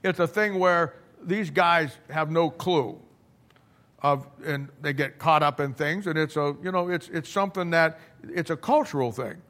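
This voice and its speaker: A middle-aged man preaching in a loose, conversational way, blunt and folksy. He stumbles and repeats words as he builds his stories. His voice sits a little high for a man. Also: measured pace, fairly bright tone. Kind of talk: conversational sermon storytelling.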